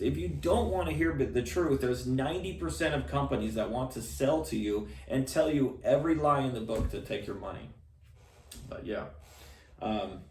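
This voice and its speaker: A middle-aged man talks bluntly to camera, with frequent restarts and fillers, in a mid-pitched everyday voice. His voice sits a little back from the microphone. The room around him gives it a roomy echo. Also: darkish tone, slight background noise. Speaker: container salesman and channel host. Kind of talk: casual talk to camera. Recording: echoey room, voice a bit far from mic.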